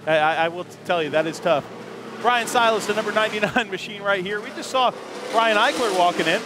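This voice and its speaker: A man's voice: high-pitched, a little fast. A man roving a race garage as a reporter, chatty and jokey, laughing often as he introduces drivers. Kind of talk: roving live garage commentary. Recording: noisy garage ambience.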